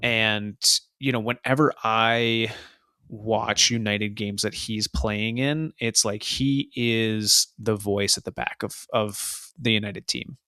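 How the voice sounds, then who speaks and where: Male co-host, calm explainer, lower voice, dry studio sound. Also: clear, resonant tone, no room sound. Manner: explanatory, measured, with frequent "you know". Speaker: podcast co-host. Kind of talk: casual football chat.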